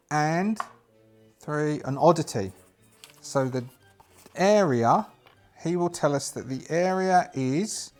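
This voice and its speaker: A man talking through a solo tabletop game, thinking aloud and doubling back as he works out rolls. His voice sits slightly high for a man. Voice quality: thinks aloud while rolling dice, stop-start restarts. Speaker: solo game player and narrator. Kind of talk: casual solo actual-play narration.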